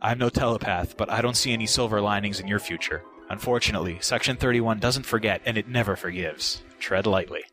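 A man's voice: lowish voice, fairly quick, hardly any pauses, lightly acted. A man voicing a sneering bitter prisoner. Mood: sarcastic. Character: bitter, sarcastic male prisoner. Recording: voice over background music.

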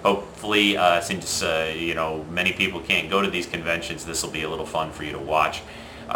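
A man hosting a video channel, signing off to viewers in a relaxed, casual way. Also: deep voice, echoey room, slight background noise, rough recording. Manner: relaxed, with fillers and restarts.

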